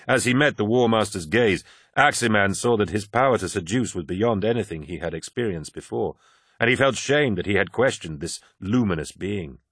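A man reads an audiobook narration in a steady, measured way. His voice sits on the low side. The recording is close and dry, with no room sound. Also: husky, dry recording. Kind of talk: scripted narration.

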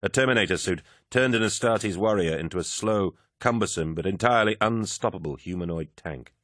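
Very deep male audiobook narrator. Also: brisk, fairly bright tone, dry recording, studio quality. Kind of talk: scripted narration.

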